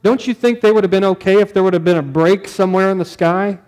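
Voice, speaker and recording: A man's voice: high-pitched, flat delivery, fast, darkish tone. A male pastor giving a sermon in a conversational way, often putting questions to the congregation.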